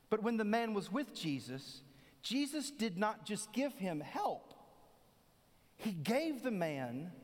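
A man preaching a sermon in a conversational way, acting out the voices of the people he quotes. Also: on the high side. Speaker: pastor. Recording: long hall reverb.

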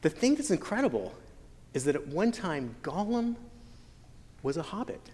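A man preaching a sermon as pastor, earnest with playful joking asides and slow, stretched emphasis on key phrases. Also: a little high, sing-song, a little mellow. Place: church sanctuary. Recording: long church hall reverb.

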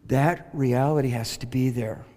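A man from Oklahoma preaching a sermon, emphatic, moving between loud declarations and quiet asides. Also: mid-range voice, steady tone, a little slow. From Oklahoma, USA. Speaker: pastor.

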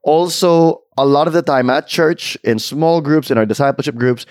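A man's voice: a little high, moderate pace, a little mellow, no echo, studio quality. A man with a Filipino accent co-hosting a podcast, chatting casually and switching between English and Tagalog. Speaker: podcast co-host. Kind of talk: casual chat.

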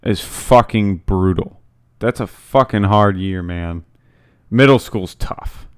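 A man's voice: sits low, takes it slowly, clean tone, no echo, clean studio sound. A young man co-hosting a podcast, casually chatting and laughing along in short, laid-back reactions. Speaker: podcast co-host. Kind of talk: casual chat.

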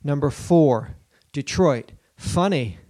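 A man's voice: on the high side, slow pace, dry recording, clean studio sound. A man co-hosting a comedy podcast, riffing loosely with lots of swearing and jokey asides. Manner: animated, profane, riffing with bits and put-on voices. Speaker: podcast co-host. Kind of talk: casual comedic banter.

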